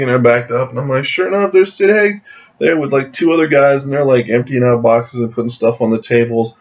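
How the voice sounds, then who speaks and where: A man casually telling a long personal story to his camera, rambling with restarts and laughing often, in a dull lo-fi recording. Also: a little fast. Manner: jumps high in pitch when acting out his own surprise.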